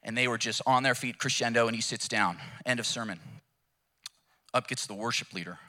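Pastor, bright forceful tone, lively sermon delivery. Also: male voice, medium pitch, a little fast. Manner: animated, emphatic storyteller.

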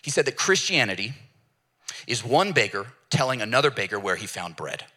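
A man's voice: mid-range voice, fairly quick. A man preaching a sermon as a pastor, telling stories and putting on voices for the people in them. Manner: animated storytelling with acted voices.

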